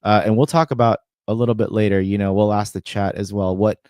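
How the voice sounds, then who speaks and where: A man's voice: lowish voice, fairly even intonation, fast talker, darkish tone, smooth, dry recording, clean studio sound. A man co-hosting a sports podcast in casual chat, analytically walking through stats with frequent fillers. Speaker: podcast co-host.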